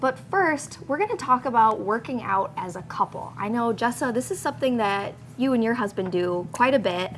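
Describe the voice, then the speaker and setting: A woman hosting a TV talk show, chatty and upbeat, her voice hoarse from a cold. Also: fairly high pitch, animated, moderate pace, hardly any pauses, slight background noise. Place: indoors at a home showroom.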